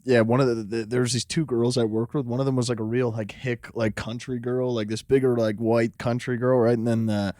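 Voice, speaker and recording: A man on a comedy podcast, telling a story slowly with many fillers. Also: mid-range voice, level tone, a little mellow, no room sound, clean studio sound. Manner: hesitant, filler-heavy storytelling. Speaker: podcast guest. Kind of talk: casual comedy podcast chat.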